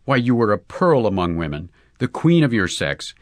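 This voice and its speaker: A man voicing an earnest, excitable young golfer in love, raising his voice a little for him. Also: on the low side, moderate pace, dry recording. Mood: eager.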